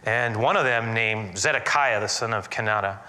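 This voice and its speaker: Man preaching, dramatic storyteller, bright forceful tone. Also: fairly low pitch, normal speed. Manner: animated, dramatic storytelling retelling of scripture. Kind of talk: sermon.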